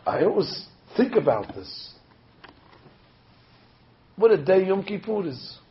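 A man, a rabbi, preaching a sermon with animated storytelling, acting out the voices he quotes. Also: high-pitched, slow. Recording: dull lo-fi recording.

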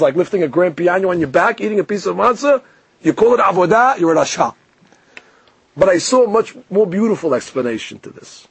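A man giving a lively Torah lesson, explaining verses, quoting Hebrew phrases and often repeating words. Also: sits high, husky, no room sound.

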